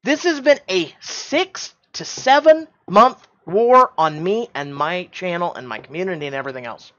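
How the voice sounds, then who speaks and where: A man's voice: high voice, expressive, moderate pace, fairly bright tone. A man hosts his channel in a defensive rant, heated and insistent. He doubles back over his words as he pushes his point. The recording is dull and lo-fi, like a home setup. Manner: heated, repeats himself, stumbles. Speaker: YouTube channel host.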